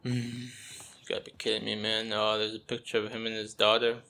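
A man's voice: on the low side, monotone, fairly quick, gravelly, pushed and bright. A young man doing gameplay commentary, groaning and muttering his exasperated reactions. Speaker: gameplay streamer.

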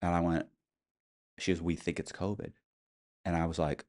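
A man's voice: low-pitched, brisk, pauses often, a little mellow. A man as an interview guest, telling personal stories in a matter-of-fact, rambling way with frequent restarts. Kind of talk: casual storytelling interview.

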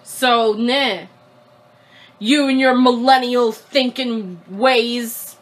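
A woman in her twenties hosting a casual game video, excitable, giggly and chatty. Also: fairly high pitch, very slow. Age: 20s. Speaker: host. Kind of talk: casual let's play commentary.

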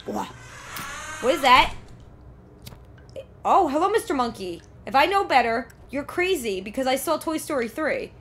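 Excitable woman streaming a horror game. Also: sits high, moderate pace, pauses often. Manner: excitable, exclaims and talks to the game. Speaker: gameplay streamer. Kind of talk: live let's play commentary.

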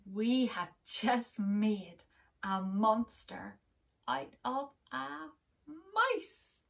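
A woman's voice: on the high side, expressive, slow. A woman doing a clever, knowing owl. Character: clever male owl, wise and sure of himself.

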